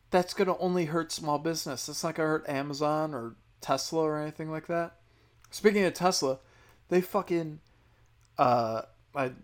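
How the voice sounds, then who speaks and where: A young man ranting bluntly and sarcastically, swearing often in casual talk. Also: mid-range voice. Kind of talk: casual political rant.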